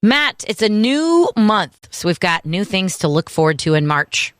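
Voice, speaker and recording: Female radio co-host, mid-pitched, brisk reader of show items, close dry studio mic. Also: sing-song, no echo, faint music behind. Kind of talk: morning radio show chat.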